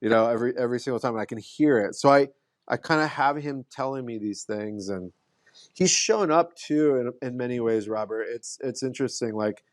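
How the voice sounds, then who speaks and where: A man's voice: mid-range voice, a little fast, no echo, studio quality. Man telling a story with many restarts. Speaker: podcast guest. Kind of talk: casual conversation.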